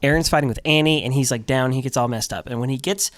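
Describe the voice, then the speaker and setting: A man's voice: mid-range voice, fast talker, no echo. A man co-hosting a podcast in casual chat, analyzing an episode and building his argument with frequent restarts. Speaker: podcast co-host.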